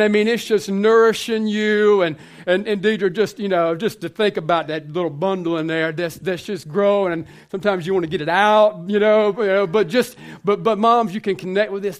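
High-voiced animated preacher. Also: male voice. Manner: animated storytelling, shifting from hushed to shouting. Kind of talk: sermon.

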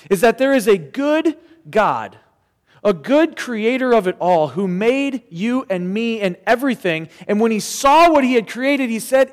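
A man's voice: high voice, long reverb tail. A man preaching a sermon as pastor, earnest and conversational with casual asides, in a church sanctuary.

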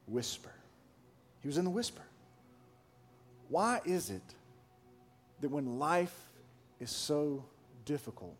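Dramatic preacher man, whisper to shout. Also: on the high side. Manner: dramatic swings from near-whispers to loud shouted questions. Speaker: pastor. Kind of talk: sermon. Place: church service.

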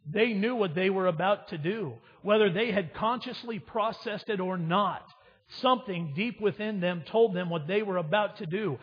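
A man preaching a sermon, retelling a scripture story dramatically, moving between loud emphasis and hushed reading. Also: high voice, husky. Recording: dull reverberant hall sound.

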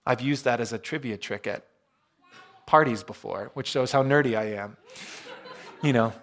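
A man's voice: medium pitch, normal speed, a bit bright. Man, pastor, conversational sermon, storytelling, self-deprecating jokes.

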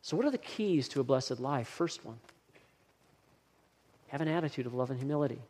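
A man's voice: medium pitch, expressive, a little fast, a little mellow, in a large hall. A man preaching a sermon earnestly, stressing and repeating key phrases as he builds each point. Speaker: pastor.

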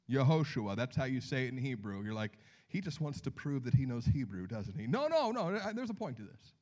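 A man preaching a sermon as pastor, telling the story with lively acted-out voices and dropping to hushed near-whispers for emphasis. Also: mid-range voice.

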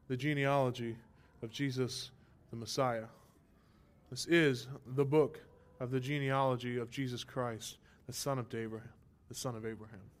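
A man preaching a sermon as pastor, emphatic and impassioned, asking rhetorical questions, his throat a little strained. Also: medium pitch.

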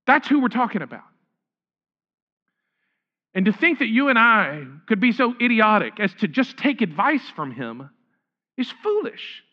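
A male pastor preaches with a high, bright voice, stumbling over and repeating words as he works through the text. He gets animated and acts out the lines he quotes. The recording is a bit dull and lo-fi. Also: measured pace, long pauses. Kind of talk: sermon.

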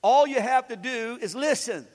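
A man delivers a lively sermon in a strikingly high voice. He swings from booming declarations to hushed asides and acts out the voices of the story. His words ring out with the long reverb of a large hall. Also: moderate pace. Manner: animated, swings loud and soft, acts out voices. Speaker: preacher.

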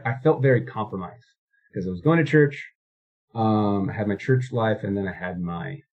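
A man's voice: on the low side, darkish tone, muffled recording. A man in his thirties, a guest recounting his life story in a casual interview, rambling with many fillers and restarts.

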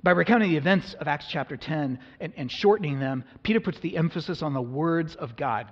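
A pastor from the United States preaches in a church sanctuary, reading scripture and explaining it in an earnest, conversational way while acting out the people in the passage. His voice is a little high and a little fast, with few pauses. The recording has long hall reverb and a dull lo-fi sound.

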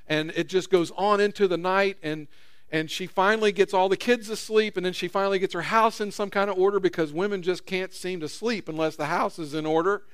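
A man's voice: high voice, steady tone, fairly quick, a bit bright, clean tone, no echo, studio quality. A man preaching a sermon in a conversational way, acting out quotes with rising intensity. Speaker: pastor.

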